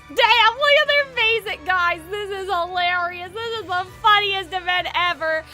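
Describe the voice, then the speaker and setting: A young woman streaming a game, reacting excitedly, laughing and swearing casually. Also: very high-pitched, measured pace, few pauses, music in the background. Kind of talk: livestream game commentary.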